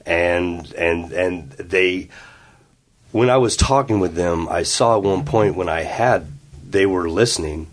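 Man, from Ohio, low voice, casual storytelling, acts out quotes, office room. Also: measured pace. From Ohio, USA. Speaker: guest.

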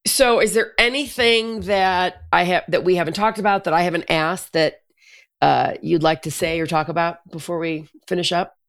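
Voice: mid-range voice, fairly even intonation, normal speed, fairly bright tone. A podcast host asking follow-up questions in a casual, agreeable way and often checking in with "right?".

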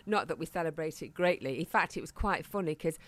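A woman's voice: deep voice, fast talker, fairly bright tone. A middle-aged woman co-hosting a podcast, telling jokey stories in casual chat. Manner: chatty, jokey storytelling. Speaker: podcast co-host.

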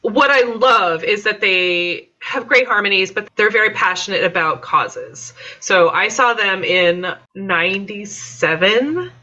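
Chatty woman with a bright voice. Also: mid-range voice, expressive, a little slow, few pauses, lo-fi sound. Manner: chatty, laughing, many fillers. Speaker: podcast guest. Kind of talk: casual podcast chat.

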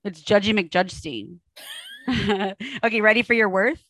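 A woman's voice: mid-range voice, a little slow, a bit bright, dry recording, rough recording. A middle-aged woman hosting a podcast interview, enthusiastic and affirming in a conversational way. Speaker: podcast host.

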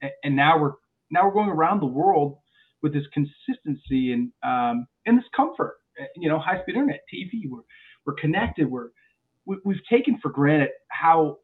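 A male airline pilot, a guest on a podcast, telling stories in a lively way and often restarting his words. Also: fairly high pitch, normal speed. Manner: animated storyteller with frequent restarts and repeated words. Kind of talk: podcast interview chat. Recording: phone-like narrow sound.

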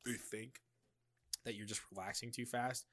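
A laid-back young man chatting casually, middle pitch, rambling and swearing. His voice sounds dry and close, with no room around it. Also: steady tone, moderate pace, a bit bright, dry recording. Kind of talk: casual chat.

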